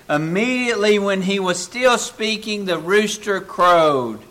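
A man preaching a sermon, slow and dramatic, swinging from loud, raised passages to hushed, low ones.

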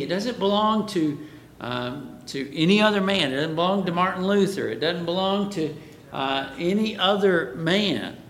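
A man's voice: expressive, normal speed, a bit bright. A man preaching a Bible class sermon, who asks the class questions and then answers them himself. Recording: echoey room, faint background rumble.

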